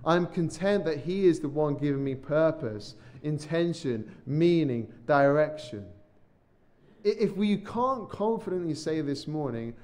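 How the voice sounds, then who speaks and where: A man preaching a sermon in an earnest, deliberate way, with a voice pitched a little above the usual for a man. He slows down and lets his voice drop on the phrases he wants to land. Now and then he repeats a word as he starts a sentence. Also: expressive, a little mellow. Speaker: pastor. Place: church or studio, podcast recording.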